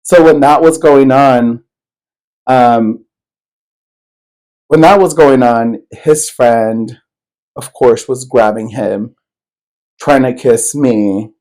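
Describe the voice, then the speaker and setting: Slow-talking man telling a story. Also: mid-range voice, a little mellow, poor audio. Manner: loose and rambling, heavy swearing, many fillers. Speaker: podcast co-host. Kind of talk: casual storytelling chat.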